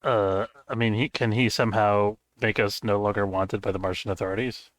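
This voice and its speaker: A man playing a tabletop game, laying out tactics in a halting way. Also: fairly low pitch, fairly even intonation, no room sound. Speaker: player.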